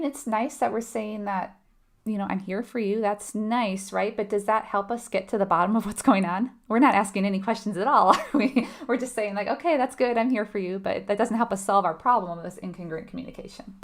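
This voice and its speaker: A woman with a mid-range voice speaks a little quickly while tutoring nursing students in a live online session. She keeps things conversational, putting questions to her viewers and laughing lightly.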